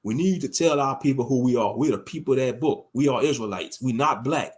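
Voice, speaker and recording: A man's voice: mid-range voice, fairly quick. A man giving impassioned, scolding religious commentary, mocking the people he criticizes. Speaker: online commentator.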